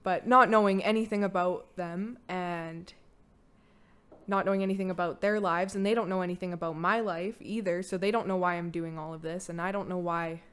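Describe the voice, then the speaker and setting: A woman's voice: lowish voice, fairly even intonation, fairly quick, a bit bright, clear, resonant tone. A young woman telling her own story on a podcast, candid and casual, full of "like" fillers and blunt swearing. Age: young adult. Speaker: podcast guest, host's daughter.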